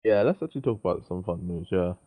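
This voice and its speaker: A man's voice: low-pitched, lively intonation, quick pace, no echo, phone-quality sound. A young man co-hosting a podcast, agreeing with his friend and chiming in with short replies. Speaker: podcast co-host. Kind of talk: casual chat.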